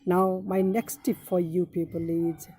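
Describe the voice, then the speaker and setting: A woman teaching English, giving study tips in a deliberate way, often repeating key phrases and starting with "now". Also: fairly low pitch, level tone, warm tone, slightly rough.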